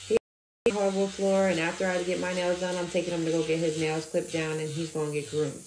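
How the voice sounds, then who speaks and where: A woman's voice: lowish voice, brisk, echoey room, slight background noise, low-quality recording. A woman who works as an at-home nail tech, telling a story about a client and acting out what each person said. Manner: animated, acts out quoted dialogue.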